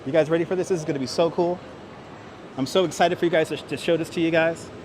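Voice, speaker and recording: On a wireless clip-on mic, an upbeat man hosts a walking livestream through city streets and a large indoor station hall, greeting viewers by name as he reads the chat. His voice is on the high side and darkish in tone, with fairly even intonation and fast delivery, plus a little hiss or hum.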